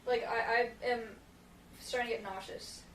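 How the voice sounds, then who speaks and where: A woman chatting casually with quick, blunt remarks. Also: fairly high pitch, fairly even intonation, fairly bright tone, roomy sound, recorded from a distance, slight background noise, rough recording. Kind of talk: casual chat. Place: small hot shed studio.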